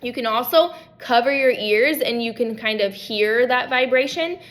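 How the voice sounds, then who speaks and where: A young adult woman, a speech language pathologist, leading an at-home practice lesson and modeling words slowly and clearly for children. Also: fairly high pitch, fairly bright tone.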